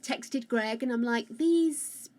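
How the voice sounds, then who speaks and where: On a close mic, a woman casually chats with the people watching her live stream, loud and rambling, calling out greetings to them by name. Her pitch is fairly high, and she takes it slowly.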